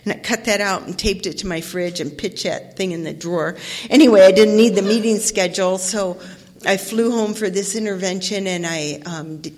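A woman's voice: medium pitch, moderate pace, a little mellow. Laughing, self-mocking woman telling her story. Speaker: speaker at a recovery meeting. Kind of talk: personal testimony, storytelling.

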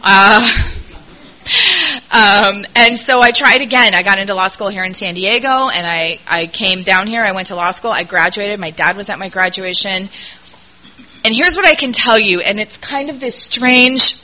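A woman's voice: medium pitch, normal speed, pushed and bright, rough recording. A middle-aged woman telling her recovery story to an audience at a meeting, candid, earnest and self-deprecating. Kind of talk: personal testimony to an audience.

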